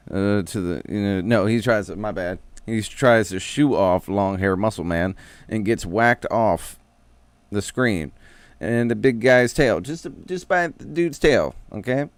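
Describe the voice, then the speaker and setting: A man streamer rambles through a casual recap, packing it with slang and swearing. His voice is on the low side. The sound is dry and close, straight into a desk mic. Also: slow, smooth, no room sound. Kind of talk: casual comic show recap.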